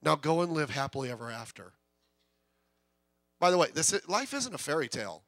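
A man's voice: a little high, big pitch swings, a little fast, a bit bright, dry recording. A middle-aged man preaching a sermon in a conversational, joking way that swells into bursts of intensity. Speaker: pastor.

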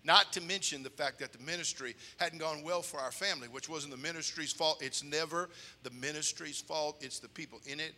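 Bright-voiced preacher telling a comic story in a hall. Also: male voice, fairly high pitch, a little fast. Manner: animated storyteller with comic timing and character voices. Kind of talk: humorous sermon storytelling. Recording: long hall reverb.

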